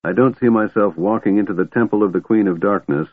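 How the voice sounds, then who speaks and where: A man's voice: fairly low pitch, fast, no echo, voice pushed up, natural voice. A man voicing a weary, wry half-elf who sounds dry and exasperated, read on a tinny, phone-like recording.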